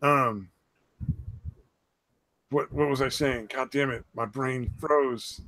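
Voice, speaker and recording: A man chatting on a podcast at an average pitch, rambling and often restarting his sentences. He swears freely, and his voice is recorded close and dry, with no room sound at all. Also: steady tone, takes it slowly, bright, forceful tone, no room sound. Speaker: podcast co-host. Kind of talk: casual chat.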